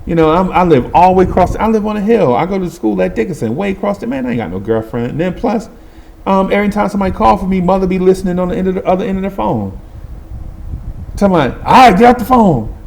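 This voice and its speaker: A middle-aged man telling a comic story in lively, colloquial speech, laughing and acting out the people in it. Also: high-pitched, quick pace, creaky. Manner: animated, laughing, acts out voices, colloquial. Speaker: podcast host.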